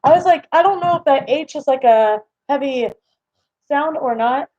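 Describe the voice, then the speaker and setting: Young woman, stream host, rambling casual chat at home, a bit high-pitched, slightly dull lo-fi mic audio. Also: animated, normal speed, dark tone, no room sound. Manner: chatty, rambling, lots of fillers. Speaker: livestream host.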